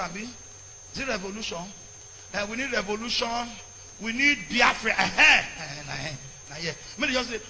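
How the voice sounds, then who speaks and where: A Nigerian priest preaching a fiery sermon, shouting in bursts and slipping into Pidgin. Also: male voice, sits high, slight background noise. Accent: Nigerian, mixing in Pidgin. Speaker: Catholic priest. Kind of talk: impassioned sermon.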